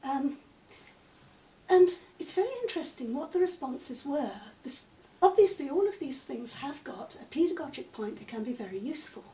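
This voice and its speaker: Older woman, high mellow voice, measured academic answers, recorded far off in an echoey room. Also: expressive. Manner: measured, articulate, many "um" pauses. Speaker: interviewee, literature professor. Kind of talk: conversational interview. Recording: echoey room, mic at a distance, faint noise.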